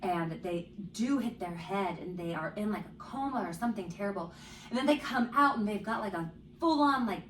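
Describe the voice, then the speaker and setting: A woman's voice: medium pitch, expressive, a little fast, a little hiss or hum. A woman co-hosting a podcast in casual chat, rambling with many fillers. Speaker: podcast co-host. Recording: echoey room, far from mic.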